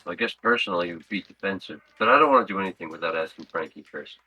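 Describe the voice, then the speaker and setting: A tabletop player who talks hesitantly with many fillers. His voice is fairly low, very bright and husky. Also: rapid-fire, dry recording, low-quality recording. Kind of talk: casual tabletop play.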